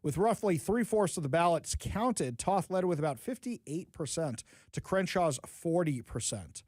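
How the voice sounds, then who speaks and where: A man's voice: a little high, lively intonation, unhurried, a little mellow, no room sound. A man hosting a political talk radio show, reading news items and breaking into sarcastic, mocking asides. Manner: reads news items aloud, then comments on them.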